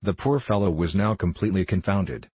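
A man reading a classic tale aloud as an audiobook narrator, in a steady, measured way. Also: sits low, breathy edge, no room sound.

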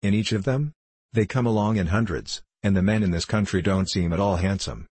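A man with a husky voice reading a proud, impatient elder sister in a weary, reproachful manner. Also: fairly low pitch, fairly quick, a little mellow, no room sound.

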